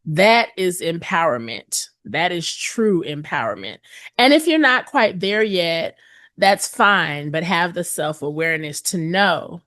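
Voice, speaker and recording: A woman's voice: lively intonation, a little slow, a bit bright, dry recording, clean studio sound. A woman hosting a motivational podcast, speaking emphatically and checking in with the listener, sometimes acting out hesitant voices. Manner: emphatic, repeats "okay?" to the listener; acts out hesitant voices with big pitch jumps. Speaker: podcast host and coach.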